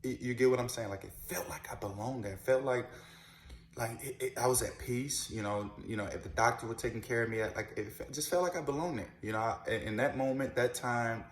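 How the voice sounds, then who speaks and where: A man's voice: mid-range voice, fairly quick. A man in his thirties from New Orleans, telling his own story casually to camera, with lots of "you know" and "man" and repeated words. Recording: roomy echo.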